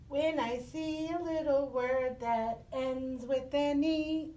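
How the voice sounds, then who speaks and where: A woman's voice: high voice, darkish tone, a little hiss or hum. A woman teacher giving a recorded math lesson to young children, speaking patiently and breaking into sing-song phonics chants. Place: home. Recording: roomy echo, recorded from a distance.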